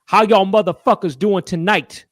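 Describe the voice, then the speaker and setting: A man doing a shouted, boastful impression of a stage magician's sidekick, high and forceful. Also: steady tone, moderate pace, dry recording, studio quality. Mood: brash boastful. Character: brash loud magician sidekick, adult man.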